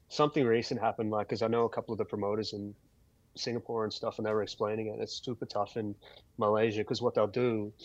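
A man who is a guest musician telling stories in a casual podcast chat, laid-back and quick to laugh. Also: fairly low pitch, no echo, highs cut off.

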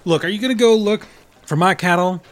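A man voicing a high-strung, blustering cattle rancher with a put-on western rural drawl, swearing and stumbling over his words. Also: brisk, lightly acted. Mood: indignant.

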